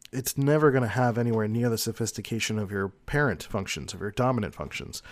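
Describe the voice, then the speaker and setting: A man explaining personality types in a casual, rambling monologue, peppered with "like" and soft laughs. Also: medium pitch, no echo, clean studio sound. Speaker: personality type commentator.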